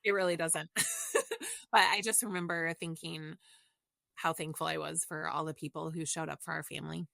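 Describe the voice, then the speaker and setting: A woman's voice: sits low, flat delivery, normal speed, gravelly, bright, forceful tone, dry recording, clean studio sound. A middle-aged woman, a podcast guest, telling a personal story in an open, reflective and emotional way in casual conversation.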